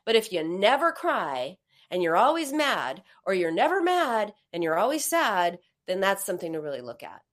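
A woman's voice: medium pitch, very animated, moderate pace. A middle-aged woman hosting a live advice conversation, talking in a reassuring way and acting out comforting words. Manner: warm, reassuring, acts out comforting quotes. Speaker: host and therapist.

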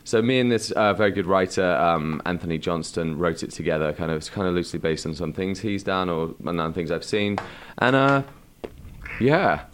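A man, a guest actor chatting casually, a little croaky and laughing easily. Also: low-pitched, moderate pace, a little hiss or hum. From England. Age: 30s. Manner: laughs often, relaxed storytelling. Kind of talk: casual interview chat.

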